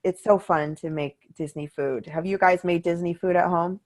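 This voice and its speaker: A middle-aged woman co-hosting a podcast, chatting casually and telling animated, upbeat stories. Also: on the low side, normal speed. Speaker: podcast co-host. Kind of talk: casual chat.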